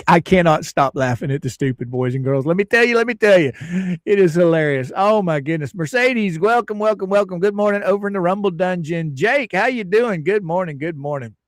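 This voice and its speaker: A man's voice: fairly high pitch, no room sound, clean studio sound. A man hosting a casual livestream, laughing often and greeting viewers in the chat. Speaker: livestream host.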